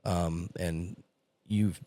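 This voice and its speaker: Deep-voiced excitable podcast host. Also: male voice, very slow, no room sound. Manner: excitable, talks over guest, says dude. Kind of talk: casual chat.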